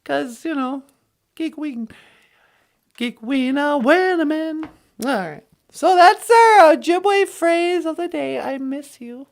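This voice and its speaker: A woman's voice: high-pitched, expressive, slow pace. A woman co-hosting a casual vlog, teaching an Ojibwe phrase of the day in a playful, goofy way and laughing often.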